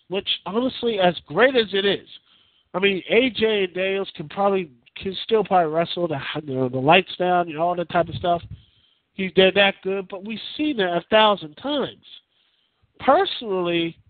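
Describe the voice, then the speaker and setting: A man with a high-pitched voice hosts his own podcast, rambling through opinionated commentary and circling back to restate his points. The sound is tinny and narrow, like a phone line. The room is dead dry, with no echo at all. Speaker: podcast host. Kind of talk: casual solo wrestling commentary.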